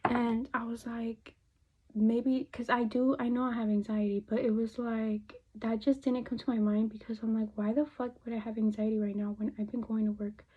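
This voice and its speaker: Dull lo-fi phone audio carries a young American woman's fairly high, husky voice, which moves little in pitch and runs at normal speed. She's a beauty vlogger chatting loosely as she applies makeup, swearing frequently and switching into Spanish phrases.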